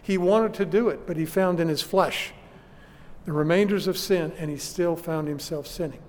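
A man's voice: a little high, normal speed, darkish tone, big-room sound. A man preaching a sermon to his congregation, earnest and questioning his listeners. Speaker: pastor.

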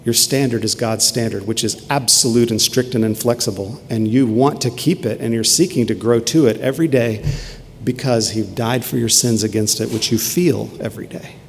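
A man preaching a sermon as a pastor, earnest, dropping to a hush and then rising to emphatic peaks. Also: mid-range voice, normal speed, in a large hall, slight background noise.

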